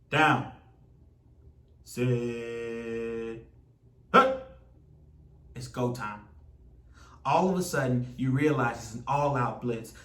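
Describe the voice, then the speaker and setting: A man preaching an animated sermon as a lively story told through a sports play. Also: fairly high pitch, recorded from a distance. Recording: echoey room, voice from off mic.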